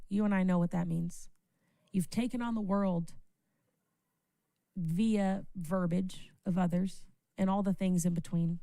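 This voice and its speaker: A woman's voice: medium pitch, vocal fry, no echo. A woman giving an impassioned, profane livestream speech, repeating phrases for emphasis. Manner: profane, rising from earnest praise to yelling. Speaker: livestream panelist.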